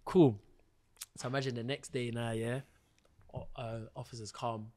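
A young British man, telling a story as a podcast guest in slangy, animated chat and laughing often. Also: mid-range voice, normal speed. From Britain. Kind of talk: casual storytelling.

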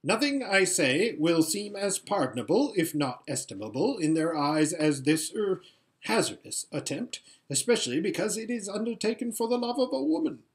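A man's voice: high-pitched, sing-song, normal speed, pitched above the performer's own voice. A man voicing a fawning, whining old male vizier who talks in flowery, obsequious phrases.

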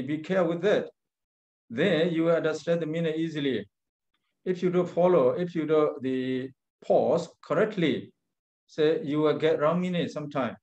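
Monk guy teaching pali in broken english, kinda high voice, dull lo-fi audio. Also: a little mellow. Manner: halting English, chanting Pali phrases with careful pauses. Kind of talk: Abhidhamma class.

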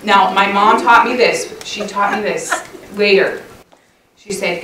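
A middle-aged woman giving a lively, chatty talk at a women's church conference session, often laughing and acting out little quoted lines. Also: medium pitch, a little slow, slight background noise. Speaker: conference speaker. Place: church hall. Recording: echoey church hall recorded from far off.

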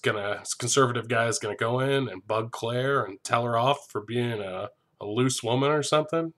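A man hosting a comedic TV recap, talking in a sarcastic, profane way with deadpan asides. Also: medium pitch, normal speed.

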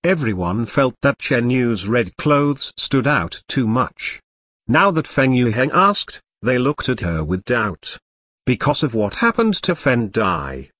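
Male audiobook narrator, mid-pitched, steady and even; dry, close read. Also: dry recording. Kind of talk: scripted narration.

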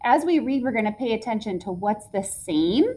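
A woman teacher reads a storybook aloud to her class and talks it through with them afterwards. Her voice sits a little high, and her reading is clear and expressive. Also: normal speed, low-quality recording.

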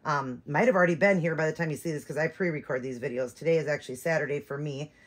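Speaking quickly in a low, husky voice, the host of a doll-collecting channel rambles through casual chat, stumbling into frequent fillers and restarts.

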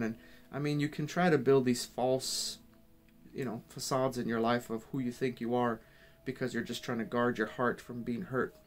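A man giving an earnest, rambling personal faith testimony, often restarting his sentences. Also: medium pitch. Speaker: Christian speaker.

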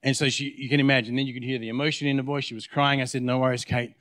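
A man's voice: medium pitch, little pitch movement, very fast, a bit bright, dry recording, studio quality. A man with an Australian accent, a guest pastor preaching a sermon in church, telling a story and acting out both sides of the conversations.

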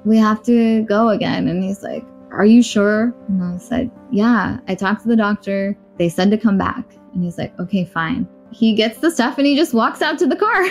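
A young adult woman in a podcast interview, telling a personal story candidly and bluntly, acting out what others said. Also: medium pitch. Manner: candid, blunt, acts out quoted voices.

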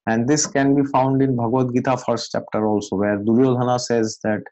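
A man's voice: mid-range voice, level tone, fairly quick, mellow, no echo. A man, a spiritual teacher, retelling scripture as a story in a conversational way, often checking in with "okay?", on a dull lo-fi recording. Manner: conversational, many fillers and "okay?" tags.

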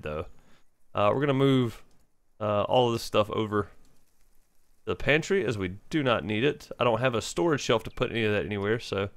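A man's voice: mid-range voice, no echo. A man hosting a gaming channel, giving casual let's-play commentary and thinking aloud with many fillers.

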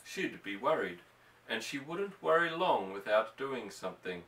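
A man's voice: medium pitch, big pitch swings, a little slow, fairly bright tone. Man reading a story, roomy distant sound. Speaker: audiobook reader. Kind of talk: measured story narration.

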